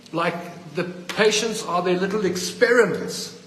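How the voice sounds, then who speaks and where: A man's voice: on the high side, moderate pace, reverberant, in a large hall, poor audio. A middle-aged South African man, a hospital patient, angrily filming a rant on his phone in a ward. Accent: South African English. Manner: indignant, accusing, fired up. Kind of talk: angry phone video rant. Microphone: phone held by the speaker.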